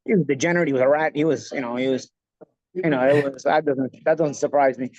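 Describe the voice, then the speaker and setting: A man with a New York accent, hosting a casual podcast chat, talking quickly with lots of restarts and "you know"s. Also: mid-range voice, highs cut off. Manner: rapid, animated, full of restarts and "you know". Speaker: podcast host.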